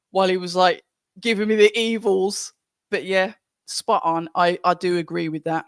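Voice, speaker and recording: A live-stream host with a Birmingham accent talks through a boxing watch-along in an easygoing, rambling way, often restarting sentences. The voice sits in a middle pitch. The recording is dry and close, with no room echo. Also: steady tone, normal speed, clear, resonant tone. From Birmingham, England. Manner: chatty and rambling, with frequent restarts. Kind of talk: casual live-stream commentary, reading out chat.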